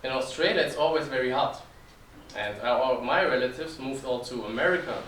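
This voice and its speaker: A man's voice: mid-range voice, moderate pace, a bit bright, a little hiss or hum, natural voice. Guy putting on a firm russian-accent mom, echoey room. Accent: heavy Russian. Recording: roomy, distant mic.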